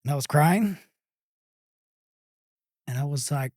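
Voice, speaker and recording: Middle-aged Texan man, interview guest, slow and halting, dry close sound. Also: a little high, expressive, a little mellow, no room sound. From Texas. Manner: halting, with many pauses and fillers. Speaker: pit master guest. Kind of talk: interview storytelling.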